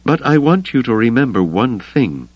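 A man's voice: mid-range voice, sing-song, normal speed, darkish tone, no room sound, muffled recording, pitched above the performer's own voice. A man voicing a stern, menacing female aide. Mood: earnest. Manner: deadly earnest, threatening.

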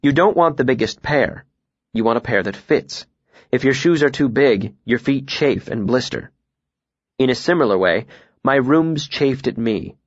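A man reading a first-person novel aloud in a calm, even, reflective way. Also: mid-range voice, unhurried, no echo, lo-fi sound. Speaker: audiobook narrator.

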